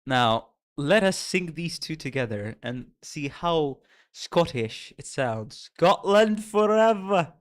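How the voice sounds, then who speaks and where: A young man chats casually with viewers on a live stream, reacting playfully and laughing often, while faint music plays behind him. His voice is medium in pitch, expressive, and slow.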